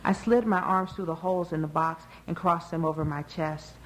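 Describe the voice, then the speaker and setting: A woman narrating a novel in a measured, expressive reading. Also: lowish voice, poor audio. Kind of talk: audiobook narration.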